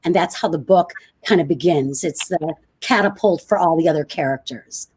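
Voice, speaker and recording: A woman in her fifties with a low, smoky voice, speaking as an author guest on a video call, telling her story fluently and with energy. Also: normal speed, darkish tone, breathy edge. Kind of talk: conversational interview.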